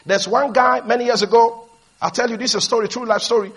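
A man preaching a sermon, leading the congregation to repeat his lines and building up to shouted emphasis as he tells stories. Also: extremely high pitch, steady tone, fast, husky. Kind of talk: sermon with call-and-response.

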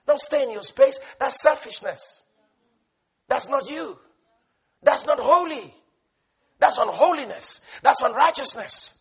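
A man preaching a sermon, impassioned and repetitive, swinging between shouting and hushed tones. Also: very high voice, gravelly, slightly rough.

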